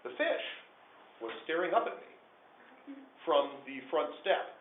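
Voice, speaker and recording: A man telling a true story to a small group of listeners, animated, swinging between hushed and loud. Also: on the high side, measured pace, slight background noise. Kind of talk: live personal storytelling to listeners. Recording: echoey room over a tinny phone-like line.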